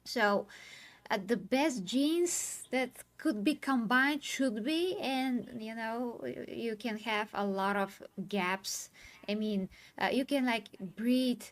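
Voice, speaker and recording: A woman's voice: fairly high pitch, slow pace. A woman on a commentary panel, talking earnestly and emotionally as she explains her view. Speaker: host.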